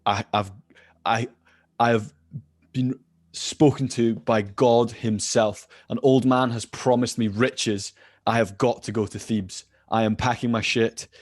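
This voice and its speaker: A man voicing a grandiose, stubborn male kobold adventurer, speaking insistently with dramatic pauses, close and dry. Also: medium pitch, fairly even intonation, no room sound, lightly acted.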